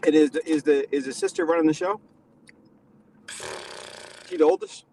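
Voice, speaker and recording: A man's voice: fairly high pitch, normal speed, dark tone, a little hiss or hum. A man in a casual chat, asking curious, probing questions about family.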